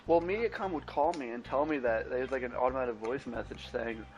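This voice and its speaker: A man's voice: mid-range voice, a little fast, a little mellow, poor audio. Rambling young man telling a story. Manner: rambling, acts out both sides of phone calls. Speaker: podcast co-host. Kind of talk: casual storytelling chat. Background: faint background music.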